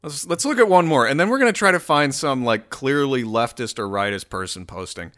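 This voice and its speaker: A man's voice: medium pitch, lively intonation, brisk, fairly bright tone. A man giving casual, profane commentary while scrolling through posts, rambling and mocking.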